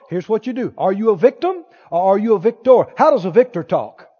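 A man's voice: high-pitched, very animated, a little fast, few pauses, slightly rough. A man preaching a sermon with emphasis, asking the crowd for replies. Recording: dull lo-fi sound in a reverberant hall.

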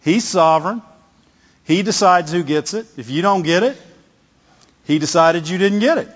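A middle-aged male pastor gives a conversational sermon, often repeating words and asking the congregation "Amen?". His voice is high-pitched and animated at a normal speed, and the dull, lo-fi recording has a long hall reverb.

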